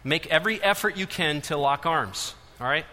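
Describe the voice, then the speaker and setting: Passionate preacher in a reverberant hall. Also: male voice, on the high side, expressive, moderate pace. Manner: passionate, swings from loud urging to hushed intensity. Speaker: pastor. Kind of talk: sermon. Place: large church auditorium.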